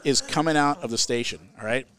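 A man's voice: mid-range voice, brisk. Older man telling a wild comic story. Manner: animated, frequent restarts, rises loud at the punchlines.

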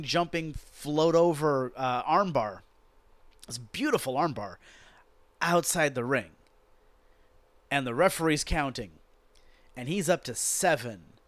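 A man's voice: a little high, no room sound. A man hosting a podcast, recapping a wrestling show as a profane, exasperated rant told like a story. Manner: exasperated, sweary, animated storytelling. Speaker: podcast host.

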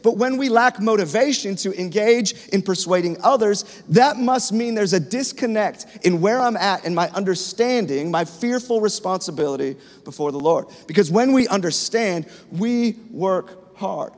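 A man's voice: high voice, lively intonation, moderate pace, few pauses. A man in his thirties preaching a sermon to his congregation in a conversational, storytelling way. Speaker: pastor. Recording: long reverb of a large hall.

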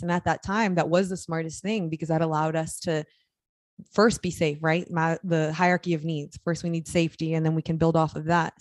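A woman's voice: low voice, darkish tone, no room sound, studio quality. A young woman co-hosting a casual chat podcast, telling stories in a chatty way and laughing as she talks. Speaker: podcast co-host.

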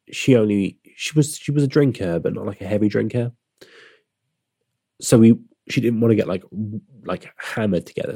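A young man tells a story in a low, gravelly voice with a husky edge. He rambles and pokes fun at himself, restarting sentences as he goes. The sound is dry and close to the mic. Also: warm tone, dry recording. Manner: rambling, self-deprecating, frequent restarts. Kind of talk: casual storytelling monologue.

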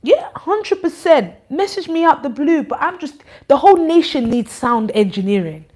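A woman giving an informal church address, animated, teasing and scolding. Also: sits high, normal speed. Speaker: church leader.

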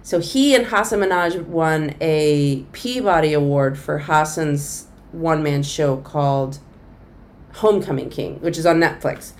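Low-pitched and a little slow, a middle-aged comedian relates a long story in a conversational interview. She animates it by playing the voices of the people she quotes.

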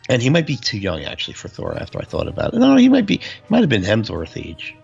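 A man's voice: mid-range voice, wildly swooping pitch, fast talker, creaky, a little mellow, slightly rough, highs cut off, faint music behind. A man co-hosting a casual podcast chat, laid-back and joking.

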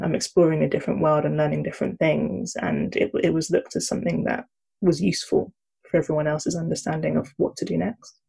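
A woman's voice: sits low, gravelly, a little mellow, breathy edge. A woman from South London, reflecting in a casual chat. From Croydon, South London. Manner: reflective, laughs now and then.

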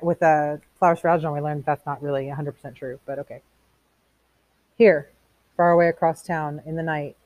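A woman's voice: deep voice, darkish tone, dry recording. A woman reading a novel aloud to a class, stopping now and then for casual explanations. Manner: reads plainly, stops to explain in casual asides. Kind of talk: read-aloud with commentary.

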